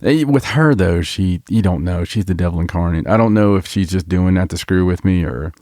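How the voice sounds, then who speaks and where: A man's voice: low voice, fairly quick, dark tone, dry recording, studio quality. A man co-hosting a paranormal podcast, chatting casually and joking, often trailing off and restarting. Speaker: podcast co-host. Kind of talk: casual chat.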